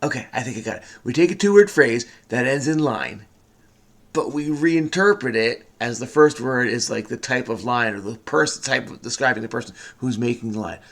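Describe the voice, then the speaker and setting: A man's voice: mid-range voice, expressive, normal speed, a bit bright. A middle-aged man thinking aloud as he solves a crossword, muttering and hesitant, often trailing off. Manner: muttering, hesitant, many trailing "I don't know"s. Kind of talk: casual think-aloud puzzle solving.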